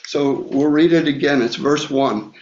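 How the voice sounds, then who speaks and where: A man preaching a Bible study sermon, talking slowly with many fillers and restarts. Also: medium pitch, a little mellow. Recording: echoey room, dull lo-fi sound.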